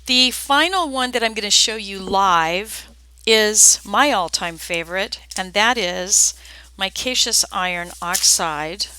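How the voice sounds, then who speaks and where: A woman's voice: medium pitch, slow, pushed and bright, smooth, dry recording, low-quality recording. A woman with a Southern US accent giving a live painting lesson, chatty and folksy, talking straight to her viewers. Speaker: art instructor. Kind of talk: live-streamed painting demonstration.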